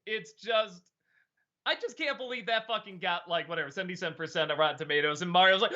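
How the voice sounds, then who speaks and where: A man's voice: sits high, bright, forceful tone, highs cut off. A man hosting a casual live-stream chat, stammering a little and laughing often. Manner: chatty, stammering, quick laughs. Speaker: host.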